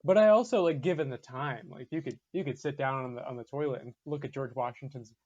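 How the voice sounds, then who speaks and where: A man's voice: mid-range voice, quick pace, a little mellow, dull audio. Wry young man with dry humor. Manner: wry, playfully formal phrasing. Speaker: podcast co-host. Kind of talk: casual history chat.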